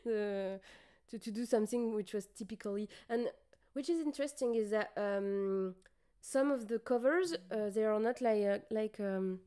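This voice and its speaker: With a fairly high pitch and a dark tone, this young French-accented streamer sounds tired as she chats casually on her livestream. She hesitates while searching for the right English words.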